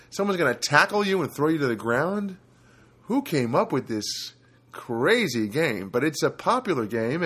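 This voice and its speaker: A man's voice: a little high, a bit bright. A middle-aged man from New Jersey hosting a casual solo podcast from his apartment, rambling and interrupting himself as he tells stories. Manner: rambling, self-interrupting storyteller. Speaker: podcast host. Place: studio apartment.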